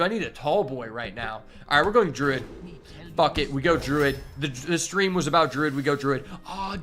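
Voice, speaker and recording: A man streaming a card game, talking casually and excitedly to his chat and swearing often. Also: fairly high pitch. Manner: profane, excitable, talks to chat. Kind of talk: casual live-stream commentary while playing.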